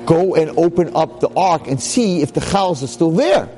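A man's voice: on the high side, expressive, moderate pace, mellow, slight background noise, pitched above the performer's own voice, close to an everyday voice. A man voicing a matter-of-fact wife in a told story. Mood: practical. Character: practical wife of a simple man.

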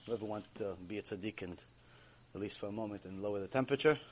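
A man's voice: fairly low pitch, fast, a little hiss or hum. A man teaching a Torah class as a rabbi, preaching emphatically to a live audience and repeating key phrases. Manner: speaks straight to the audience with rhetorical questions. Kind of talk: sermon-style Torah lecture. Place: warm lecture room with a live audience.

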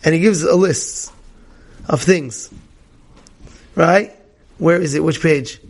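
A male rabbi giving a Torah class, telling animated stories, often laughing and repeating himself. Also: a little high, takes it slowly, husky. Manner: animated storytelling, many repetitions; laughs often while talking.

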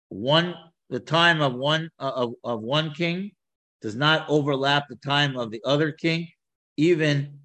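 Animated man teaching scripture. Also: mid-range voice, rough recording. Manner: animated, with many repeats and restarts. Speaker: Torah teacher. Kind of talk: explaining scripture in a class.

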